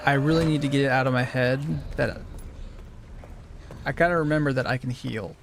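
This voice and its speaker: A man's voice: mid-range voice, steady tone, normal speed, noisy background. A man giving casual commentary while practicing a game speedrun, thinking aloud, repeating phrases and correcting himself as he plays. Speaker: speedrunner streamer.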